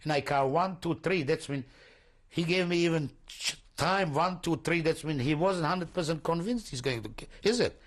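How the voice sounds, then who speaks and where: Older man giving halting testimony. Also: on the high side. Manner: halting, searching for words, repeats himself; non-native English, broken grammar. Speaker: interviewee. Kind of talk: oral history testimony.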